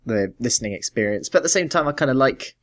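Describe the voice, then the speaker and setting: A man's voice: medium pitch, animated, fast, fairly bright tone. A man co-hosting a casual podcast chat, wry and crude, laughing often. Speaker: podcast co-host.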